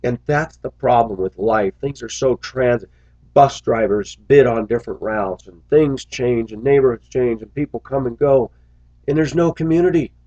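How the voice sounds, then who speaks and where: A man's voice: mid-range voice, normal speed, dark tone, dry recording, lo-fi sound. A man who drives a school bus, talking earnestly to his viewers in a casual, reflective monologue full of little stories.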